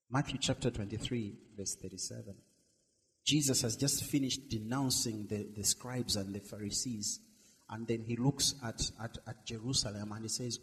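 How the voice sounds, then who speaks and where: A middle-aged male minister preaching a sermon, swinging between loud emphatic lines and soft drawn-out words. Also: medium pitch, big-room sound.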